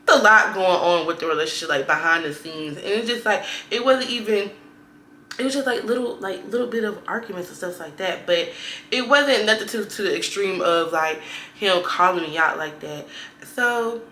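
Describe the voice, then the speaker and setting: A young woman, telling a dating story in a casual, animated vlog style. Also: mid-range voice, normal speed. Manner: animated, laughing retelling with quoted dialogue. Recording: echoey room with faint noise.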